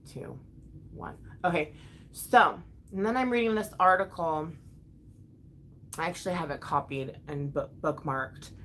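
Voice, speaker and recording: A woman with a somewhat low voice rants on a casual livestream. She is heated and swears freely, stumbling through fillers and restarts. She speaks straight back to the people watching, with a faint hiss of noise under her voice. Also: fairly bright tone. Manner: talks back to viewers directly. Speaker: livestream vlogger reading chat. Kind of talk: ranting casual livestream talk.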